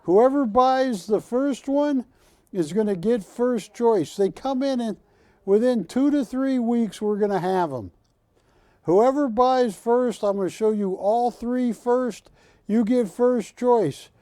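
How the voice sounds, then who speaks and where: Man, shopping channel host, high voice, slow pitch, warm and mellow, dry studio sound. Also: no echo. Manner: persuasive, repeats words for emphasis. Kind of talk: live TV sales pitch.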